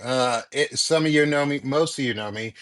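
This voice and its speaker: A man's voice: mid-range voice, moderate pace, a bit bright. A middle-aged man talking bluntly, with some swearing, as a guest in a casual panel chat. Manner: blunt and profane, self-introducing.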